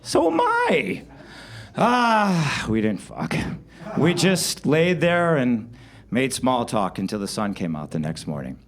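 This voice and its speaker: Lively man telling a comic story. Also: medium pitch, unhurried. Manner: wry, animated delivery with sudden loud outbursts. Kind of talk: live comedic storytelling. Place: live show venue.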